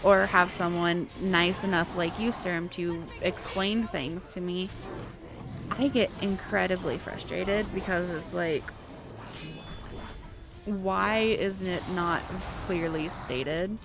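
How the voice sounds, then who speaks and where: A woman's voice: fairly low pitch, fairly even intonation, slow pace, over music. A woman streaming a video game, chatting casually and venting her frustration while reading chat aloud.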